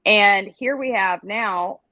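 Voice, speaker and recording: Excitable, foul-mouthed woman. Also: medium pitch, takes it slowly, no echo, muffled recording. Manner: excitable, swears freely. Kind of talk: casual live chat.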